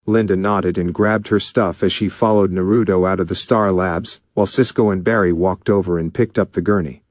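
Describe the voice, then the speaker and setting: A man narrating a fan fiction story in a steady, plain manner. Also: low-pitched, brisk, hardly any pauses, dry recording, studio quality.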